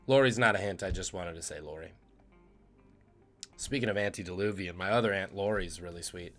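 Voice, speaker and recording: A man's voice: sits low, a little fast, a bit bright, soft background music. A man hosting a live trivia stream, joking and reading out the chat's guesses. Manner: jokey, punning, reads chat aloud. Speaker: trivia quiz host.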